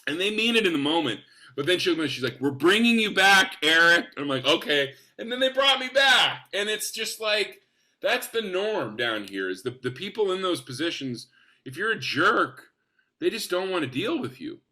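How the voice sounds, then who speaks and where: Guest man, forties, bright and punchy, high-ish voice, enthusiastic storyteller on a casual podcast. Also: moderate pace. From Spokane, US. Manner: enthusiastic, animated, acts out quotes. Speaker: actor guest.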